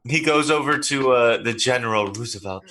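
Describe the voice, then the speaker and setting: A man playing a tabletop game, relaxed and hesitant, with frequent uhs and restarts. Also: medium pitch, normal speed. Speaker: player. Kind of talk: tabletop role-play.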